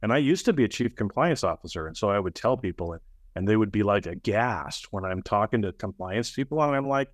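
A man who heads an audit training company appears as a guest in a conversational podcast interview, blunt and emphatic, using casual profanity, often asking "right?" and acting out quoted people in raised voices. His voice is fairly low with lively intonation and a slightly fast pace. The studio-quality recording has no echo.

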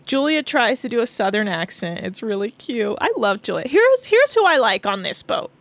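Woman podcast co-host, casual recap talk, fairly high voice, dry booth sound. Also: sing-song, normal speed, a bit bright, no echo. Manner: chatty, laughs often, lots of "like".

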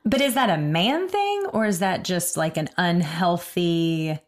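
A woman in casual chat who speaks softly and chimes in to agree or muse. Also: lowish voice, animated, measured pace.

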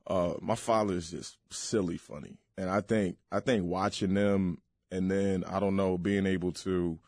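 A man's voice: deep voice, fairly even intonation, moderate pace, darkish tone, no room sound. A man in his thirties from Virginia, a comedian chatting loosely in an interview, full of "like" and "you know". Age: 30s. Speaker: comedian guest. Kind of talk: casual interview chat.

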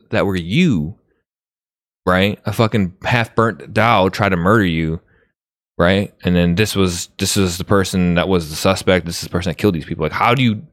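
A man's voice: fairly low pitch, fairly bright tone, dry recording, clean studio sound. A man co-hosting a movie podcast in casual, laid-back chat, swearing and laughing freely. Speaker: podcast co-host.

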